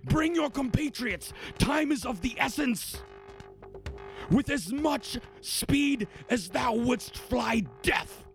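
High-pitched scarred warrior shouting archaic verse. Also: male voice, lively intonation, slow, faint music behind, heavily acted. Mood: commanding shout. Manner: archaic, theatrical declaiming.

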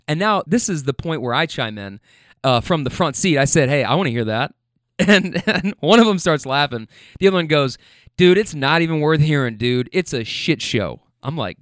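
A young man with a slightly higher voice tells a rambling story and acts out each character's lines. His delivery is animated, with laughter breaking in. The recording is close and dry, with no room sound. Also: moderate pace, no echo. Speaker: storyteller recounting a rideshare passenger story. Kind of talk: casual storytelling.

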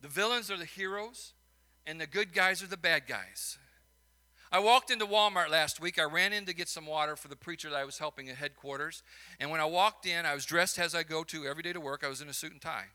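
A man's voice: fairly high pitch, a little fast, pushed and bright. A man with a Chicago accent, a minister preaching a sermon and telling stories, building to emphatic peaks between folksy asides.

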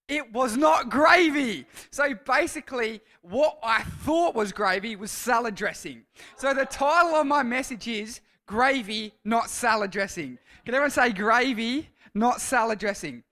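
A man with an Australian accent delivers a casual sermon as a long personal story. His voice sits high for a man and rings bright and forceful. He rambles and restarts his sentences as he talks. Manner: rambling, self-correcting storyteller. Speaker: youth speaker.

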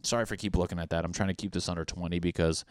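A man's voice: low-pitched, a little fast, darkish tone, no echo, clean studio sound. A young man hosting a podcast, ranting casually in a rambling, profane, self-mocking way. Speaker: podcast host. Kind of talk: casual comedic rant.

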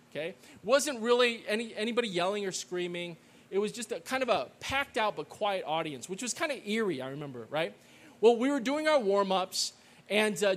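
Middle-aged male storyteller, high and lively, keeps asking "okay?", live audience. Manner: animated, peppers lines with "okay?" and "right?"; loud call-and-response chanting with the audience. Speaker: speaker telling a story to an audience.

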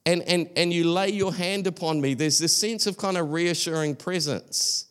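Earnest, slightly high-voiced man preaching. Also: moderate pace, hardly any pauses, clean tone. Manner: earnest and conversational, with frequent restarts. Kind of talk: sermon.

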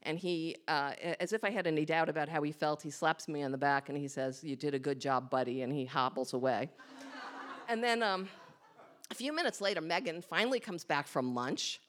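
A woman's voice: low-pitched, brisk, fairly bright tone. A woman telling a candid, self-mocking personal story on stage before a live audience, acting out her own thoughts as she goes. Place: small hall with a live audience.

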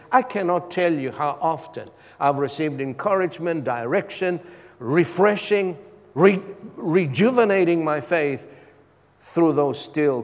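A man preaching a sermon as a pastor, asking his congregation for responses between points. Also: a little high. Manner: preaching with call-and-response asides. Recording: long hall reverb.

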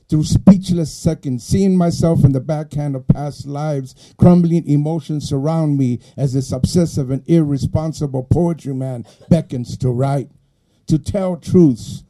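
A middle-aged poet with an East Los Angeles Chicano accent, giving a live reading. His voice sits a little high for a man yet sounds very dark and mellow. He swings from quiet, halting asides to forceful, rhythmic declaiming. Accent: East Los Angeles Chicano English. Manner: soft and halting when chatting, rising to forceful rhythmic declaiming in the poem.

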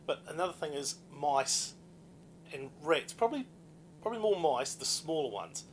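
A young man hosting a casual podcast chat, animated, laughing often and swearing freely. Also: fairly high pitch, moderate pace, slight background noise.

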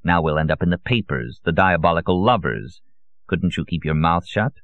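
Petulant young woman, read by a male narrator, reproachful, low voice, dull audio, storybook. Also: animated, normal speed, no room sound. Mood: irritated. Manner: irritated, reproachful.

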